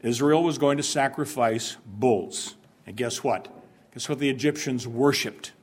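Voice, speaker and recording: A man's voice: medium pitch, a little slow. A man preaching a sermon in church. He asks the congregation questions and acts out stern warnings to drive his point home. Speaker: pastor.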